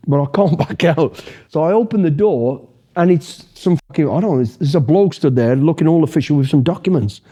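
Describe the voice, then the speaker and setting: A middle-aged man, an interview guest, telling a story in a profane, animated way and acting out the dialogue. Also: on the high side, brisk.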